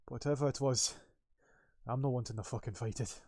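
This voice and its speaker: A man's voice: fairly even intonation, a little fast, darkish tone, dry recording, clean studio sound, natural voice. A man voicing a youngish, rattled, foul-mouthed man in a tabletop game, swearing as he talks. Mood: agitated. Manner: swearing, agitated and high-pitched.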